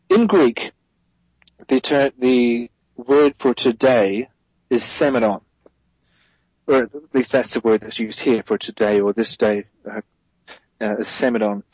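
A man's voice: mid-range voice, normal speed, a little mellow, husky, no room sound, highs cut off. A man as a guest theologian, giving a thoughtful explanatory answer in an interview, correcting himself as he goes and stressing key points.

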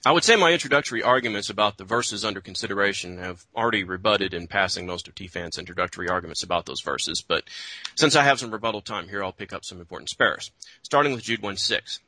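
A man giving a formal debate rebuttal, reading a prepared scholarly argument in a measured way. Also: on the low side, pushed and bright, dry recording, rough recording.

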